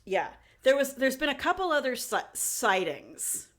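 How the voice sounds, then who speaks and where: Animated woman telling a story to co-hosts. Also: sits high, a little slow. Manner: animated, acts out quoted people in put-on voices. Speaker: podcast co-host. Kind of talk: casual storytelling chat.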